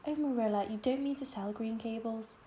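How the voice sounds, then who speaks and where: A woman's voice: on the high side, brisk, mellow, slight background noise, close to an everyday voice. A woman reading an audiobook, voicing an earnest, eager teenage girl who sounds anxious and tender. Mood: dismayed. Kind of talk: audiobook character voice.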